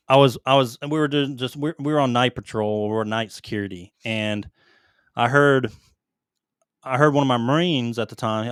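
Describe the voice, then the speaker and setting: A man, co-hosting a casual podcast and telling stories in a loud, animated way, swearing constantly. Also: medium pitch, smooth, dry recording, studio quality. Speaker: podcast co-host, military veteran. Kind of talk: casual profane storytelling.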